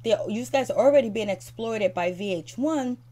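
A woman's voice: a little high, moderate pace, dark tone. A woman giving a fired-up, critical recap of a reality show, speaking straight at the cast and leaning on fillers like "so anyways". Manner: repeats fillers like "so anyways" and "you know". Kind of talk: ranting recap commentary.

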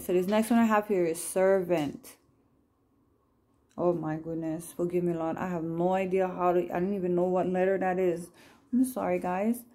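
Woman, low-ish mellow voice; casual devotional chat, reads prayers slowly and gently. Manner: gentle, apologetic, laughs at herself. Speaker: Christian vlogger sharing scripture cards.

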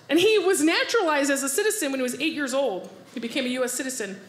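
A woman's voice: sits high, lively intonation, very fast, hardly any pauses, fairly bright tone. A woman comedian from the United States doing a stand-up set on a club stage, acting out voices and laughing along with her own jokes. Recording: roomy club with audience laughter. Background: audience laughter.

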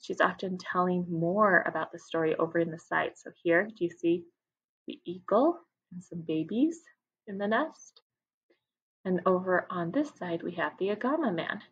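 A woman teacher reading a picture book aloud to her class, expressive and stopping to ask questions. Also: fairly low pitch, moderate pace, breathy edge, muffled recording. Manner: expressive, asks listeners questions.

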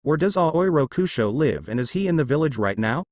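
A young male ninja in a storybook reading, speaking in a flat, emotionless way that carries quiet menace, acted by the male narrator. The pitch lifts slightly. The voice is close and dry. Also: brisk, dry recording, highs cut off. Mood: cold.

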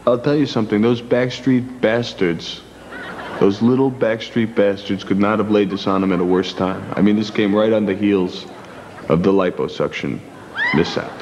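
A man's voice: fairly low pitch, fairly even intonation, normal speed, slight background noise, natural voice. An actor playing a bitter, self-justifying former boy-band member. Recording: dull film audio with loud music.

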